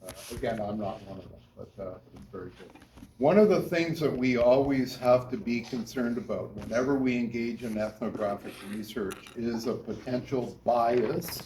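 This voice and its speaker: A man's voice: mid-range voice, moderate pace, dark tone, a little hiss or hum. A male university lecturer giving a class lecture, talking with students and often checking in with "right?". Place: lecture hall. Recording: echoey classroom from far off.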